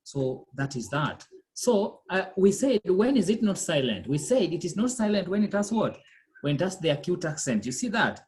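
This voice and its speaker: A language teacher drilling pronunciation in class, with a voice that swings up and down a lot. The pitch sits in a middle register, and the teacher keeps firing questions and confirming with short check-ins. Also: sing-song, normal speed, a little mellow, slight background noise. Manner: quizzing, checks in with "okay?" and "eh?"; repeats and drills words patiently.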